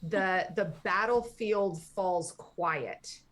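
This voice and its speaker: Slow-talking woman dungeon master. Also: fairly low pitch, a bit bright. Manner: loose, chatty narration with fillers. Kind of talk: narrating a tabletop game.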